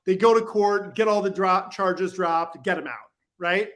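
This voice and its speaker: A man's voice: high-pitched, unhurried, fairly bright tone. A man guesting on a podcast, telling casual, rambling stories full of "like" and "you know, right?". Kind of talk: casual storytelling. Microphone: podcast microphone.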